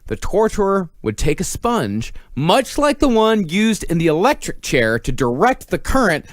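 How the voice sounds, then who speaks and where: A man's voice: sits high, sing-song, normal speed, dry recording. A man co-hosting a podcast, reading a true crime story in a semi-scripted way on a dry close mic.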